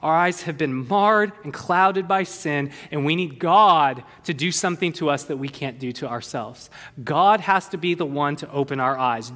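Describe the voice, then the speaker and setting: A man preaching a sermon in a church, animated and conversational with playful asides. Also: a little high. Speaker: pastor. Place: church sanctuary. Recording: long hall reverb.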